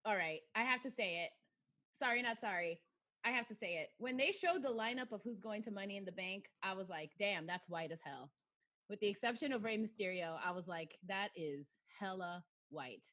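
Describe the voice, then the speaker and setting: A woman's voice: mid-range voice, lively intonation, fairly quick, sharp tone. A woman from Atlanta co-hosting a casual wrestling podcast, blunt and swearing freely, often laughing as she talks. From Atlanta, USA. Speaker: podcast co-host.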